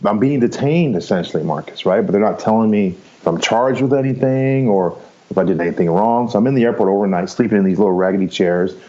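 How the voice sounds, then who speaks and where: A man's voice: on the low side, fast, dark tone, lo-fi sound. A man in his fifties, a podcast guest telling his story casually and rambling, often checking in with "right?" and "you know.". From Canada. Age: 50s. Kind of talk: casual first-person storytelling.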